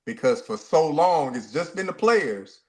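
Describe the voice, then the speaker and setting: A man co-hosts a sports talk show, making his points with emphasis. His voice sits a little high for a man. He often repeats himself and restarts his sentences. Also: animated, a little slow.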